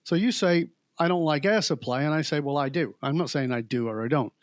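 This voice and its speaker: Podcast guest, male, high pitch, punchy and emphatic, dry close mic. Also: no room sound. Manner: animated storyteller who mimics accents and voices; slows down to stress key words. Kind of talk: casual conversation.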